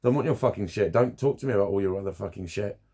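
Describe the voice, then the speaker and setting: A man's voice: on the low side, fast talker, dark tone, husky. A man talking candidly to camera about his therapy, blunt and swearing constantly, laughing at himself now and then. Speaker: vlogger. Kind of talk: candid personal talk to camera.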